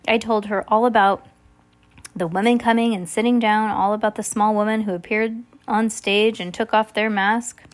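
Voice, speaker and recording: A woman's voice: mid-range voice, fairly even intonation, normal speed. Woman reading a storybook aloud, stumbling. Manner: reads with frequent restarts and corrections. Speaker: reader. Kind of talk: casual reading aloud of a children's book.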